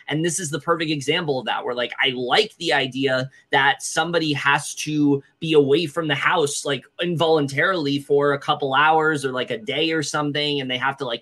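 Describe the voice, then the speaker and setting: A man's voice: on the high side, bright, forceful tone. A young man co-hosting a podcast, recapping a reality show in casual, rambling chat full of fillers. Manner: rambling, many fillers and restarts. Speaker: podcast co-host.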